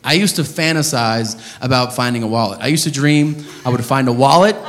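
A man's voice: mid-range voice, fairly quick, a bit bright. Exasperated male stand-up comic. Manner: exasperated, profane, emphatic. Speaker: stand-up comedian. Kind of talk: stand-up storytelling. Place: comedy stage. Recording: reverberant hall with audience noise.

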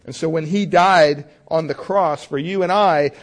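Earnest preaching man, slightly high voice. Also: measured pace. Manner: earnest preaching, rising for emphasis and dropping low for asides. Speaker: pastor. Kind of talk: sermon.

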